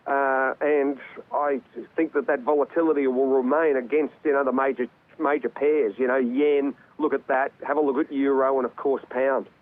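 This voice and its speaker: A man's voice: mid-range voice, flat delivery, normal speed. A man giving live market commentary as a guest over a remote link, conversational with many fillers and repeated words. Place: remote link from another city. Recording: tinny phone-like remote line.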